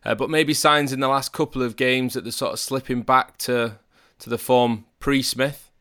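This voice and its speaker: A man's voice: medium pitch, steady tone, normal speed, pushed and bright. A man co-hosting a casual football podcast, steering the chat with leading questions. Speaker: podcast co-host.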